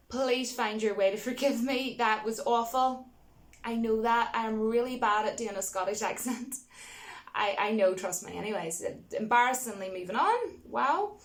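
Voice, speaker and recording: A woman vlogging her opinions on film remakes in a casual, exasperated rant, with frequent asides to her viewers. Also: fairly high pitch. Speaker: vlogger reviewing films.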